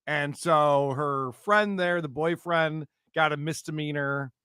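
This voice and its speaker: A man's voice: on the high side, fairly even intonation, slow, sharp tone, smooth, no echo, studio quality. A man co-hosting a comedy show, giving crude, mocking commentary and laughing often. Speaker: podcast co-host.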